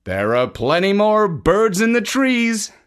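A woman voicing a polite, earnest young boy, raising her voice to a higher, brighter register for him. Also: sing-song, slow pace.

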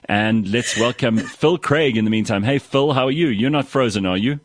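A man hosting a talk show, introducing guests in a brisk way. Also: mid-range voice, dry recording. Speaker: show host.

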